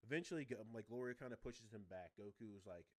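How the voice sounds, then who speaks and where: A young adult man giving a casual, slangy recap and review of an anime episode, excitable and full of "like" and "bro". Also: on the low side, fast.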